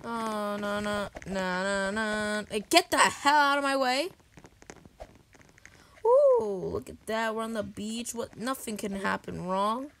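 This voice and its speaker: A woman giving rambling commentary over her own gameplay, often bursting into yells. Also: mid-range voice, a little slow, few pauses, a little hiss or hum. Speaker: gaming video creator. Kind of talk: game commentary.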